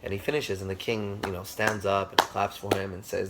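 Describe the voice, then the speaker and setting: Male teacher, low gravelly voice, husky, animated storytelling lecture. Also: fairly quick, very noisy. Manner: animated storyteller, addresses listeners directly.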